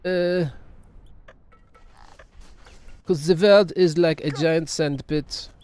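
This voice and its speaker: A man puts on a cynical, grumbling character who sneers at everyone around him. The voice sits a touch higher than a typical man's, and he speaks in blunt, scornful jabs. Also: steady tone, unhurried, a little mellow, clean tone, no echo, close to an everyday voice.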